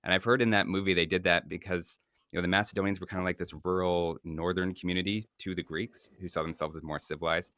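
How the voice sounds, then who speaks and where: A man hosting a video interview, asking questions in a quick, casual way with fillers. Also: low-pitched, steady tone, a bit bright, dry recording, clean studio sound. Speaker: YouTube host and interviewer.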